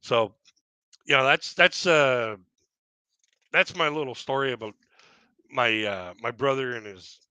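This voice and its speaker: A man's voice: mid-range voice, unhurried, long pauses, pushed and bright, clean tone, no echo, lo-fi sound. A middle-aged man doing casual stand-up storytelling, rambling and chuckling at his own jokes. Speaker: stand-up comedian. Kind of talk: casual stand-up storytelling on a live audio panel.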